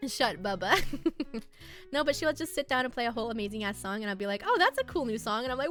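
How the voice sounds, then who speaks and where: A bubbly young woman chats with her viewers on stream, giggling often as she reads their messages aloud. Her voice sits fairly high and swoops all over. Soft music plays faintly under her voice. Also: animated, a little fast. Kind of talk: casual chat with live chat.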